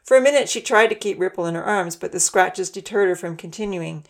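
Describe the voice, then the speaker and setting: A woman reads a children's storybook aloud with a gentle, steady manner. Her voice sits on the low side. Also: a little fast. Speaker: narrator. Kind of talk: storybook narration.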